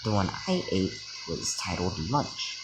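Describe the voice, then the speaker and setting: A calm, friendly teenage boy, as a man puts him on in a very deep, low voice, with halting fillers. Loud crickets and insects chirp steadily behind him. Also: noisy background. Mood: easygoing.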